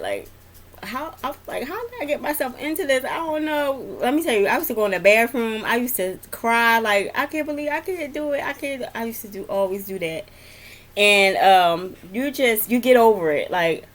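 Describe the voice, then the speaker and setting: A young adult woman, a nurse, telling work stories in a casual, rambling vlog with many fillers and laughs. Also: mid-range voice. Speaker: vlogger, nurse.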